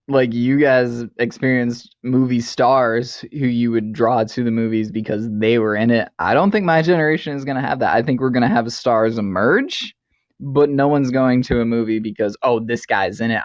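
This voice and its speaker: A man's voice: mid-range voice, moderate pace, dry recording, highs cut off. A man from New England with a slight Boston accent, a guest podcaster chatting casually and joking at himself. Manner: laid-back, self-deprecating. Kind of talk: casual chat.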